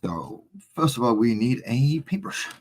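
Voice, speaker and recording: Very animated and a little slow, a man with a medium-pitched voice and West Midlands accent rambles casually through a live stream, mocking himself as he sets up and paints.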